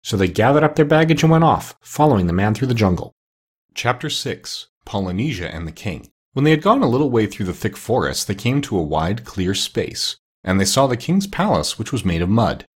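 A male narrator reading a children's book aloud at an even, steady pace. His voice sits low and has a husky grain. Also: fairly quick. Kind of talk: audiobook reading of a children's novel.

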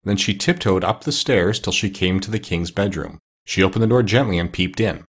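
Low, husky male storyteller. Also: fairly quick. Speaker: narrator. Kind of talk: audiobook reading of a children's novel.

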